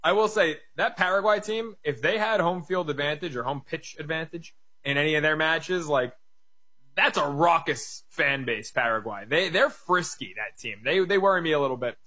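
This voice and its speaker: A man's voice: on the high side, moderate pace, bright, forceful tone. A young man co-hosting a casual sports chat, wry and chatty, often stumbling over repeated words. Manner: stammers on restarts, wry and chatty. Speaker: co-host.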